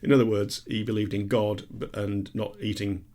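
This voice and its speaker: A man's voice: on the low side, flat delivery, moderate pace, mellow. A man co-hosting a podcast in casual chat, with dry, self-mocking asides. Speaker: podcast co-host.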